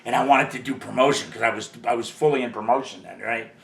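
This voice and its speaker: A man's voice: medium pitch, fairly even intonation, quick pace, gravelly, echoey room. An older man, a record industry veteran, telling long rambling stories as an interview guest, swearing casually and leaning on "you know" asides. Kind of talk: casual storytelling.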